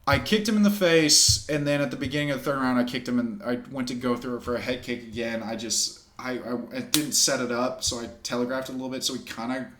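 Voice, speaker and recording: A man chats casually on a podcast with a bright, forceful voice. He tells his stories with animation, acting out the quoted lines and laughing along the way. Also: mid-range voice, fast, few pauses. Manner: animated storyteller who acts out quotes and laughs. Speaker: pro fighter and podcast co-host.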